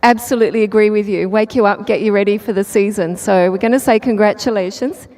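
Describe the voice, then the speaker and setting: A woman's voice: mid-range voice, quick pace, darkish tone. A woman interviewing a driver trackside, upbeat and encouraging in her questions. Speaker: pit-lane interviewer.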